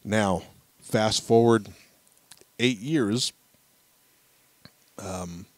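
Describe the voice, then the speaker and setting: Low-voiced dad telling stories on a podcast. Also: male voice, drawn-out words, no room sound. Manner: animated storyteller acting out quotes. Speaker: podcast co-host. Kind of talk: casual chat, storytelling.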